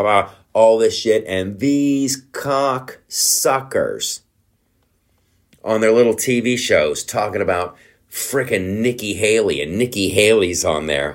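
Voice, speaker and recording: Middle-aged man, podcast host, profane rant, lowish voice, loud bursts. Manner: profane, worked-up ranting with loud outbursts; mumbling around a guitar pick in his mouth. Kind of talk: casual comedic political rant.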